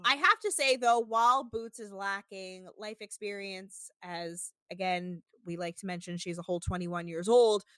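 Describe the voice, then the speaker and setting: Woman, young adult, podcast co-host, bright tone, dry close sound, casual swearing. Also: normal speed, few pauses, dry recording. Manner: animated, swearing, mimics people in high voices. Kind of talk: casual recap chat.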